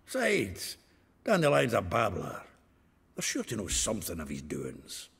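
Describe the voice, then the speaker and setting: An actor playing a gruff, boisterous male dwarf companion in a video game, speaking with a coarse, earthy way of talking. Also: lowish voice, wildly swooping pitch, unhurried, a bit bright, exaggerated voice. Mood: brusque. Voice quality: gravelly, earthy, coarse-spoken.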